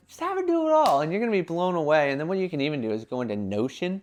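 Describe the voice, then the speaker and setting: A young man giving casual business advice in a vlog, talking animatedly and filling his talk with "like" and quick acted-out quotes. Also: fairly high pitch, sing-song. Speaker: entrepreneur giving brand advice.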